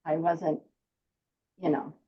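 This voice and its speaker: A woman calling into a coaching session, speaking softly and trailing off, heard over dull lo-fi call audio. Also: low voice, flat delivery, takes it slowly, breathy edge. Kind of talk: casual chat.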